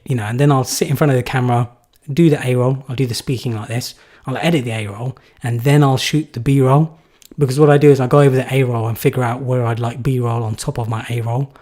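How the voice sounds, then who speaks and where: Relaxed man chatting. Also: mid-range voice. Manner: relaxed, loose, rambling with fillers and restarts. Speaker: YouTuber hosting a live Q&A. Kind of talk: casual live Q&A chat.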